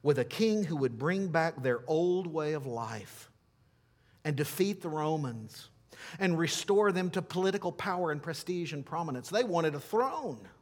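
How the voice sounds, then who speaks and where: A pastor preaching in a slow, measured cadence. He leans hard on key words and then drops to a hushed tone. He ends by leading a prayer. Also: fairly high pitch, animated. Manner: emphatic preaching with wide swings from loud to hushed. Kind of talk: sermon with closing prayer.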